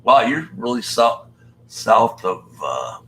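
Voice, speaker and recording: An older man hosts a casual live stream, joking and greeting viewers by name. His voice is bright and forward, and he takes his time. A faint noise sits under the recording. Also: medium pitch, very animated, slow pace, rough recording. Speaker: live-stream host reading chat.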